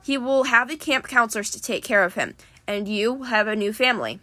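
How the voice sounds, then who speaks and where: Aloof commanding goddess, bright and dry, composed delivery, read by a woman. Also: on the high side, animated, fairly quick, no room sound.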